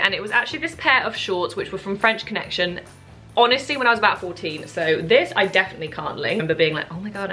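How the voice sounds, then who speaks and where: A woman's voice: mid-range voice, pushed and bright. A young woman in her twenties chatting to camera as a fashion vlogger, bubbly and self-mocking. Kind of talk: casual chat to camera.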